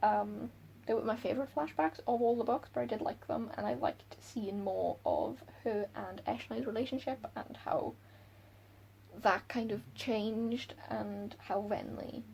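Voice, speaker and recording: A woman book vlogger chatting casually and excitably about characters she loves and hates. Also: on the high side, gravelly, slight background noise, poor audio. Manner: gushing, excitable, quick laughs. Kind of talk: casual chat.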